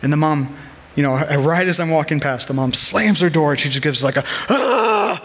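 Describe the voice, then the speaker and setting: A man's voice: a little high, a little fast, fairly bright tone. A man in his thirties preaching a sermon as a pastor, earnest and conversational, weaving personal stories into his message.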